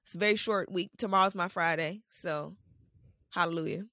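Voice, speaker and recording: A woman co-hosting a podcast in casual chat, her voice hoarse and raspy, playful and addressing listeners directly. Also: fairly low pitch, a little fast, pushed and bright, no echo, studio quality. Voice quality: raspy, husky. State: hoarse, throat feels off. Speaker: podcast co-host.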